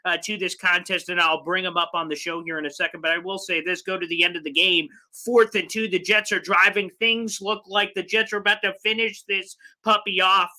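A man hosting a live sports fan show, ranting with exasperation, swinging between loud outbursts and low mutters. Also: fairly even intonation, fairly quick, hardly any pauses. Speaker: sports podcast host.

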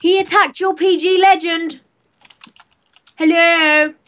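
A woman chatting over game voice chat, teasing her friends, yelling encouragement and swearing freely. Her voice sits high and she talks at an unhurried pace. The audio is a little muffled, as voice chat often is. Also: steady tone. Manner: rowdy, profane, teasing, cheering others on. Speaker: player in an online wrestling game. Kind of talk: casual gaming voice chat.

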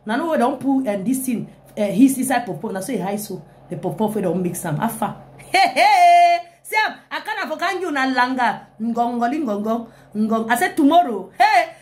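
High-voiced woman, animated. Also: a little fast. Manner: animated, with frequent laughing "hey, hey" exclamations. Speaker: live-stream comedian. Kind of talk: comic hype chat on a live video.

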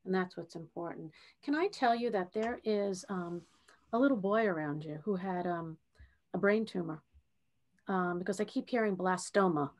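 Woman medium hosting a podcast interview, gentle and reassuring as she gives a reading. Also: lowish voice, normal speed. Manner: gentle, reassuring, checks in with "okay?". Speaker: host, spiritual medium.

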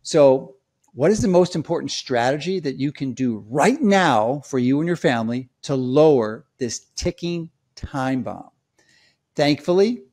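A man's voice: on the high side, darkish tone. A man speaking straight to his audience in an emphatic, lecturing way, repeating his key points. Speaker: health commentator. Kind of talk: direct-to-camera explainer.

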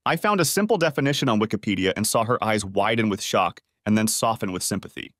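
Man, story narrator, steady reading, lowish voice, dry close recording. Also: fast talker, no echo. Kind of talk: scripted first-person story narration.

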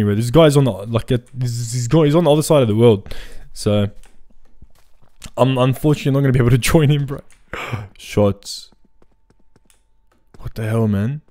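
A young man giving casual, excitable gameplay commentary full of slang. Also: mid-range voice, dry recording, clean studio sound. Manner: excitable, slangy, says "bro" constantly. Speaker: gaming video creator.

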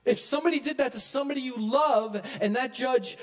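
A man preaching a sermon as pastor, emphatic, swinging from loud peaks to hushed low lines. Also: big pitch swings, brisk, hardly any pauses, faint music behind. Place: church.

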